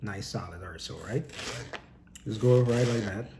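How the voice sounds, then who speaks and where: A man's voice: fairly low pitch, a little slow, noisy background. A man casually teaching a home cooking lesson, chatty and instructive, often checking in with "okay?" and "right?".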